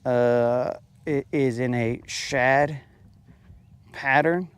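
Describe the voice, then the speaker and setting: A man's voice: medium pitch, steady tone, extremely slow, smooth. A man hosting a fishing show, giving laid-back, joking commentary from a boat on a lake.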